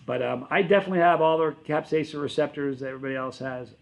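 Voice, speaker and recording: With a steady tone, a quick pace, and some vocal fry, a man whose voice is on the high side reads his livestream chat aloud. He answers casually and rambles in a friendly way, often correcting himself mid-sentence, on a rough recording.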